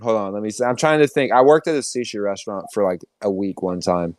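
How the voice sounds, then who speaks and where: A man's voice: on the low side, fast talker, no echo. Rambling young man chatting casually. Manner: rambling, laughs often. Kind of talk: casual chat.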